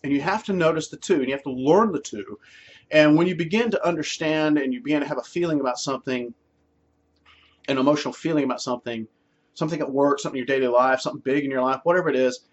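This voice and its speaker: A man giving an informal spiritual teaching, conversational and emphatic, now and then acting out quotes in a high voice, on a dull lo-fi recording. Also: fast, slightly rough. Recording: dull lo-fi sound.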